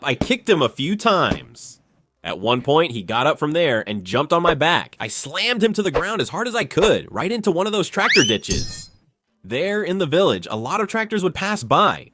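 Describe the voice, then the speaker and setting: A man's voice: fairly high pitch, slight background noise. A young man narrating a childhood story in a casual, conversational storytime style. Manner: animated, conversational.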